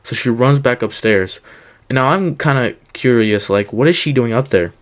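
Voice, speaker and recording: A man's voice: mid-range voice, normal speed. Young man telling a rambling story. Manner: rambling, quotes others with "he goes", many fillers. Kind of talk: casual storytelling.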